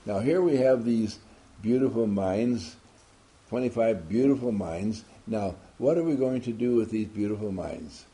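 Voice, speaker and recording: A man's voice: fairly low pitch, measured pace, mellow. A man giving an emphatic motivational talk to a group, asking many rhetorical questions. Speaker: motivational speaker.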